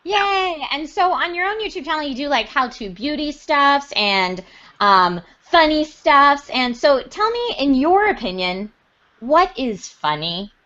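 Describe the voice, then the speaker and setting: A woman's voice: high-pitched, big pitch swings, measured pace, pushed and bright, dull audio. A woman hosting a casual chat show, bubbly and upbeat. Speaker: podcast host.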